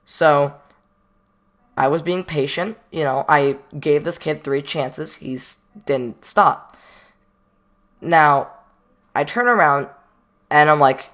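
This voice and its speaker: A man tells a casual storytime in a loose, rambling style, full of slang, self-deprecating jokes, and acted-out quotes. His voice is fairly high and a bit bright, at a measured pace with frequent pauses.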